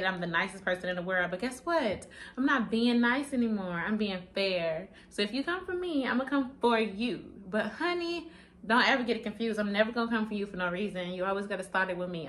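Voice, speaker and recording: A woman in her twenties talking casually to camera in a vlog, sassy and blunt, with plenty of swearing. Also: mid-range voice. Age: 20s. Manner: sassy, blunt, profane, animated. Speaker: vlogger.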